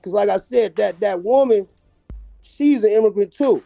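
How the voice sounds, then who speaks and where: A man's voice: sits high, normal speed, creaky, mellow, no echo, soft background music. A man from California arguing bluntly and with profanity as a caller on an online panel. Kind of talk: heated online panel talk.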